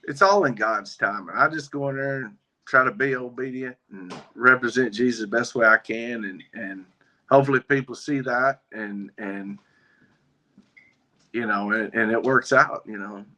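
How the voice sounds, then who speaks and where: A man with a bright, ringing tone tells a personal story in a relaxed, folksy manner. He often slips into quoted back-and-forth dialogue. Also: mid-range voice, moderate pace. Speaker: guest, biker ministry member. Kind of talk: casual storytelling interview.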